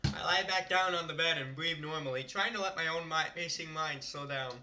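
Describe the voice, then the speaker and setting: A man's voice: on the high side, brisk, background noise. A male streamer reading a visual novel aloud and chatting about it in a rambling way, often laughing.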